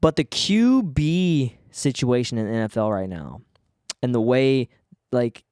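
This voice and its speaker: A man alone at the mic on his podcast, fired up and cursing as he trips over his own restarts. His voice sits at an ordinary middle pitch. The sound is dry and close, with no room around it. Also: a little mellow, smooth, no room sound. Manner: fired-up, swearing, stumbling restarts. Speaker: podcast host. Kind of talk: casual solo podcast rant.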